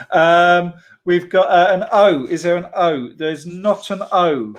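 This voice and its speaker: A man with a slightly high voice hosts a children's church club, talking casually to kids and families. He is playful and talkative, laughs easily, and stops often for an um or uh. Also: takes it slowly. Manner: chatty and playful, with frequent laughs and fillers. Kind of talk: casual online hosting for children.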